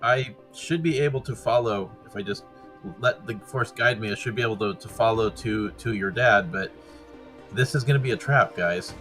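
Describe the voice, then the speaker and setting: Bright, hesitant tabletop player. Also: male voice, fairly low pitch, moderate pace, soft background music. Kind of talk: casual tabletop play.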